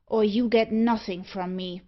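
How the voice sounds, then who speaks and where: Auriol, a proud, defiant gentleman, as a woman reads him. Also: medium pitch, steady tone, a little slow, lo-fi sound, lightly acted. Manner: earnest, defiant.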